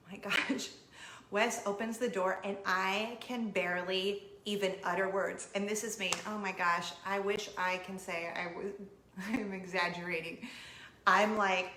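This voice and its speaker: Bright, expressive woman in an echoey room. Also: a little hiss or hum. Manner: emotional and expressive, high excited quoting. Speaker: vlogger, show host. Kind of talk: casual storytelling to camera.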